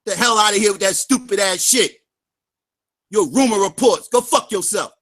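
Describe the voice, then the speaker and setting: A man hosts a livestream and rants heatedly at people who opposed him, often shouting and dropping into mocking sing-song taunts. His voice sits high and sounds hard-edged and forceful. He hammers his points home by repeating the same phrase again and again. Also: moderate pace. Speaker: livestream host. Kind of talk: angry profane rant.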